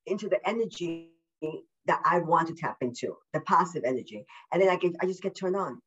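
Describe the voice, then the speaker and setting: A woman's voice: lowish voice, lo-fi sound. Effusive, upbeat woman on a podcast. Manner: effusive, upbeat, repeats words for emphasis; deliberately slowed speech. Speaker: podcast guest. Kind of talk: casual interview chat. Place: at home.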